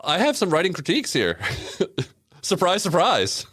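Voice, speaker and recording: A man's voice: sits high, wildly swooping pitch, moderate pace, a bit bright, husky, no echo. A man chats casually as a podcast co-host, poking sarcastic fun at what he is reviewing. His voice rises and falls a lot as he talks. The sound is close and dry, with no room around it. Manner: wry and sarcastic, laughs often. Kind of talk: casual chat reviewing a cartoon episode.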